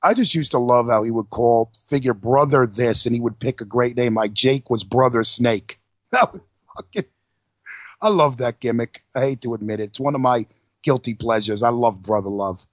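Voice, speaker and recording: A man's voice: medium pitch, normal speed, no room sound. A man in a mid-range voice runs through a wrestling recap in loose, casual chat, swearing freely as he goes. The sound is dry and close, with no room around it. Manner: loose, profane, narrating play-by-play. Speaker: podcast co-host.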